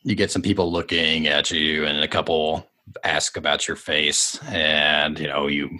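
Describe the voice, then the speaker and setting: A man's voice: extremely low pitch, flat delivery, a little slow, sharp tone. A man running a tabletop game as game master, narrating in a loose, conversational way with many fillers.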